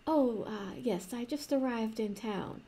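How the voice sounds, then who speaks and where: A woman doing a bright, wide-eyed young princess. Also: fairly high pitch, measured pace, slightly rough. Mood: shy, delighted.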